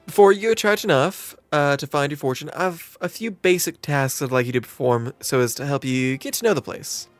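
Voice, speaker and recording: A man's voice: fairly high pitch, a little fast, hardly any pauses, dry recording, soft background music, close to an everyday voice. A man voicing a shrewd, teasing middle-aged woman innkeeper with a put-on Southern drawl, reading game dialogue and tripping over words. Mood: folksy. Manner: homey turns of phrase, stumbles over words while reading.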